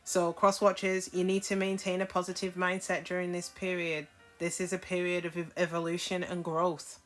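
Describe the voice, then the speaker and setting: A woman's voice: lowish voice, completely flat delivery, normal speed, a bit bright, soft background music. A woman giving a casual tarot reading to camera, frank and chatty, often checking in with her listeners. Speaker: tarot reader.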